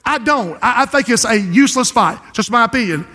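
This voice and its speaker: A man with a South Carolina Lowcountry accent preaching a passionate sermon to a congregation, building to shouted refrains. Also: lively intonation, fairly quick. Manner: impassioned, rising to shouted refrains. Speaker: pastor. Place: large church sanctuary. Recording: long reverb of a church hall.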